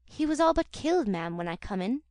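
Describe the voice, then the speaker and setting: A woman's voice: on the high side, very animated, fairly quick, a little mellow, dry recording, studio quality. A woman reading an audiobook, voicing a sturdy servant girl who screeches insults and fusses over her mistress. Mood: fussing. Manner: screeching, indignant. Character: sturdy, shrill, scolding servant girl Charlotte.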